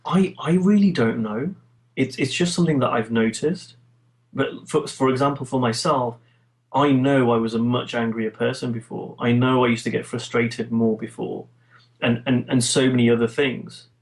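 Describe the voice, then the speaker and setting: British coach guy in an interview, reflective, lots of little restarts, mid-pitch voice. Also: fairly even intonation, moderate pace, rough recording. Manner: reflective, many restarts and repeated words. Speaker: coach, guest. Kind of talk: interview conversation.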